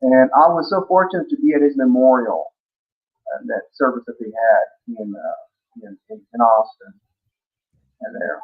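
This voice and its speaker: A man's voice: medium pitch, big pitch swings, normal speed. A man guest telling stories in a casual interview, rambling with many restarts. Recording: muffled lo-fi audio.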